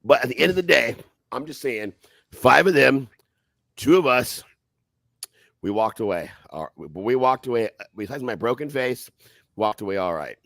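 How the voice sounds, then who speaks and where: A man recounts a fight in a loose, profane podcast chat. His voice is gravelly and full of lively swings in pitch. The sound is dry and close to the mic. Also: moderate pace, pauses often, no room sound. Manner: animated, profane, acts out voices loudly. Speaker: podcast guest telling a fight story. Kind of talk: casual storytelling.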